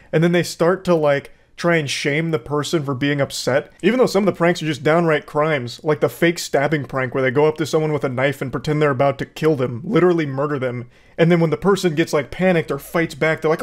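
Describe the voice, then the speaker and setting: Guy ranting over clips, kinda sarcastic, swears a lot, voice a bit high. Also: brisk, few pauses. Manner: sarcastic, blunt and profane. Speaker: commentary host. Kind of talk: ranting video commentary.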